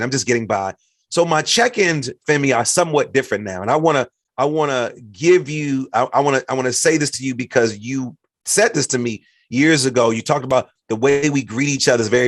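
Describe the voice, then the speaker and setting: A middle-aged man from the United States hosting a podcast, talking in a lively way and acting out what others said. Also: mid-range voice, dry recording, studio quality. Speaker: podcast host. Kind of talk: casual conversation.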